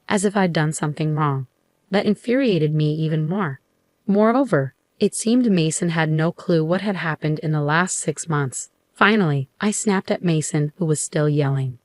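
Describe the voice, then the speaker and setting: A woman's voice: low-pitched, a little mellow, dry recording, clean studio sound. Woman narrating a first-person story.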